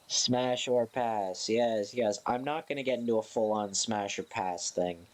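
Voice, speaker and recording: On a live stream, a man with a lowish voice rambles slowly and playfully, yawning and sounding sleepy in an offhand, casual chat.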